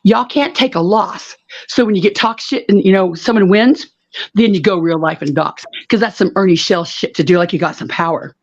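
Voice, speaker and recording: A woman's voice: mid-range voice, moderate pace. Blunt, cursing woman on a lo-fi call. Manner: blunt, profane, repetitive. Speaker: panel guest. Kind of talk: heated live panel rant.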